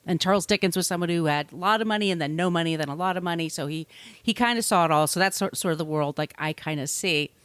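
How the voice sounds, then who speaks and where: A woman's voice: lowish voice, fast talker, fairly bright tone, clear, resonant tone, no room sound. A woman hosting a podcast, telling a true-crime story in a chatty, casual way, swearing freely and laughing often. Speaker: podcast host.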